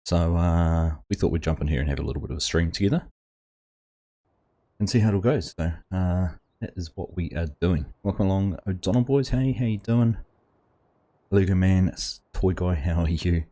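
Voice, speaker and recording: A man's voice: low voice, normal speed, mellow. A man hosting a casual game livestream, chatting and greeting viewers by name. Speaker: livestream host. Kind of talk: casual livestream chat while gaming.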